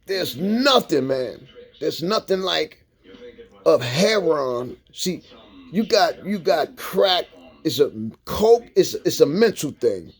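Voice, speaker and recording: Animated, preachy man in street slang. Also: fairly high pitch, takes it slowly, breathy edge. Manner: preachy, animated street talk, lots of "man" and "you dig". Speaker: vlogger. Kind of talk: profane impassioned monologue to viewers.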